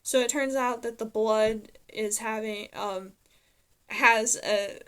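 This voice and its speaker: A woman's voice: fairly high pitch, steady tone, slow, a bit bright, smooth. A woman casually recapping a TV episode, retelling scenes and quoting the characters with frequent fillers and self-corrections. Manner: chatty retelling, quoting characters with lots of "and she's like". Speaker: TV episode reviewer.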